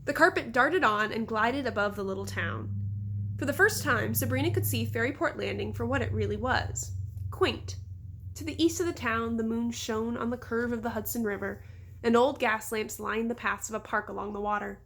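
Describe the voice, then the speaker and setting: Brief: relaxed woman narrator, fairly high voice, home read-aloud. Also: moderate pace, slight background noise. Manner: relaxed, with small slips and asides. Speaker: audiobook reader. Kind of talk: casual storybook read-aloud.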